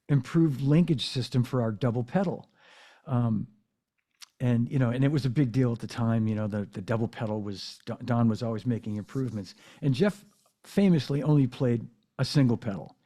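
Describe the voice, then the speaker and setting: Mellow-voiced man telling rambling stories. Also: medium pitch. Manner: rambling storyteller, many fillers and restarts. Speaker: podcast host. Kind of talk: casual interview chat. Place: home drum room.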